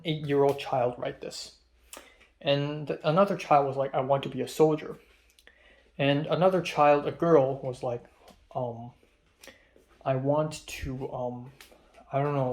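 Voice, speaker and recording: A man's voice: on the high side, darkish tone. A young man and native Cantonese speaker casually telling a rambling story as a vlogger, with frequent ums and restarts. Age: young adult.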